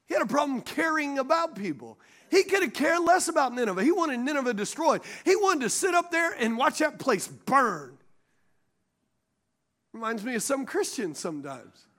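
A man's voice: very high voice, normal speed. A man preaching a sermon as pastor, calling out questions to the congregation and laughing at his own stories. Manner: animated preaching with call-and-response questions to the congregation.

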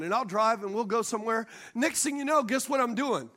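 A male pastor with an unusually high voice delivers a sermon from the stage microphone. He jokes and pulls the congregation into call-and-response. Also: a little fast, hardly any pauses, pushed and bright. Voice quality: high voice for a man. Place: church sanctuary.

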